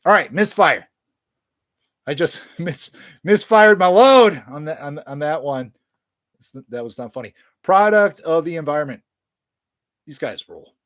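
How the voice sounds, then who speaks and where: A man's voice: on the high side, fairly bright tone, no room sound. Crude, joking man with a raised voice. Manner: crude, joking and profane, rambling with frequent fillers; enthusiastic and self-mocking. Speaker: music collector reviewing his new albums. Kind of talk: casual unscripted vlog.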